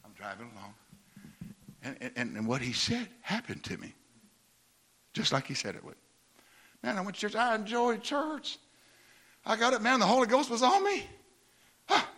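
A male preacher giving a sermon, telling stories in an animated way with frequent restarts and repeated words. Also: high-pitched, normal speed, pauses often.

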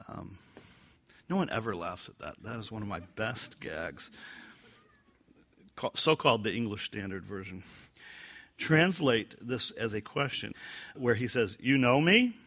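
A man teaches a Bible passage verse by verse in a bright, ringing voice. He jokes about his own gags and slips into lively put-on voices for the lines he quotes. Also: lowish voice, gravelly, breathy edge.

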